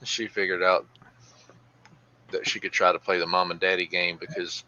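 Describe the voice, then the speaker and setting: A deep-voiced man with a bright edge, telling blunt stories from his police days. The recording sounds a bit dull and lo-fi. He keeps a casual podcast chat going. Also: flat delivery, normal speed, slight background noise. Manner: storytelling, blunt, mild cursing. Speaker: podcast co-host, former police officer.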